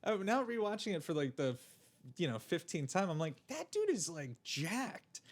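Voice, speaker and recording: A man's voice: high voice, sing-song, moderate pace. A man co-hosting a movie podcast in casual chat, talking freely with swearing and frequent laughs. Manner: chatty, swearing, laughs often. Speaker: podcast co-host.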